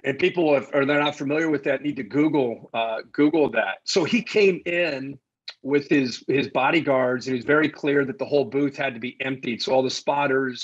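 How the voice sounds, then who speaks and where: Husky animated male storyteller. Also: medium pitch, no room sound, highs cut off. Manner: animated anecdote-teller, acts out quotes. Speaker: sports broadcaster guest. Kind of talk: casual storytelling interview.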